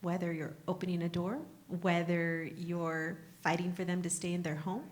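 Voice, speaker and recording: A woman, a nonprofit founder, speaking in a measured, steady way on a live panel. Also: fairly low pitch. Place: live event at a university.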